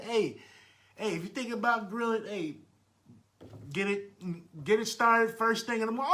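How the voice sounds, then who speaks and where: A podcast host talks to his live listeners in a loose, friendly way and greets them by name as they join. His voice sits high and sounds bright and forward. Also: brisk. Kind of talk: casual live podcast chat.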